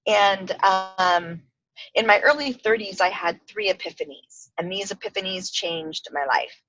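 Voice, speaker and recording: A middle-aged woman, a life coach, chatting as a podcast guest in a bubbly, giggly, expressive way. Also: medium pitch, a little slow, dull audio. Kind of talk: casual interview chat.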